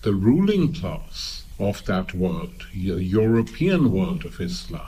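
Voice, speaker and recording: An older man from Pakistan giving a public lecture in a slow, measured, digressive way. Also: deep voice, very animated, dark tone, breathy edge, poor audio.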